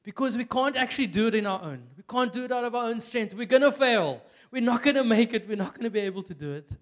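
A high-pitched young man with a South African accent preaches in a loose, joking way. He talks like a friend telling a story, full of "like" and quick asides. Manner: chatty and animated, with many "like" fillers and bursts of laughter. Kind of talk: casual, humorous sermon. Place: church.

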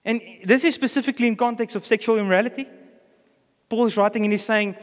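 High-voiced South African pastor preaching. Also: male voice, fairly even intonation, fast. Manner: storytelling, acts out characters' lines. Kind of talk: sermon. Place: church. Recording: reverberant church hall.

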